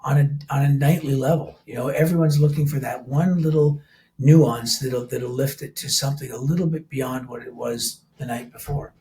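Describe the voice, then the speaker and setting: A man's voice: medium pitch, steady tone, moderate pace, mellow. An older man, a rock musician, talking casually as a podcast guest, rambling with frequent restarts and laughing easily. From Canada. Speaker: rock band vocalist and keyboardist, guest. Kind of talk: casual interview talk.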